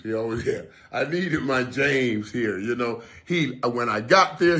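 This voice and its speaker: A man's voice: medium pitch, lively intonation, moderate pace, gravelly, few pauses, a bit bright. A former football player talking casually and from the heart. He often repeats phrases to stress them. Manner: emphatic, repeats phrases for weight.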